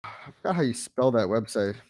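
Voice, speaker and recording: A man's voice: medium pitch, expressive, a little fast, darkish tone, no echo, clean studio sound. A man hosting a casual livestream, reading viewer chat in a loose, chatty way, often saying "guys" and chuckling.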